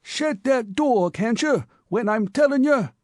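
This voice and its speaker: A shriveled old cabman grumbles in a high, drawn-out voice, as a man puts him on in an audiobook. He sounds sour and gloomy. The recording is close and dry. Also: big pitch swings, no echo, full character voice.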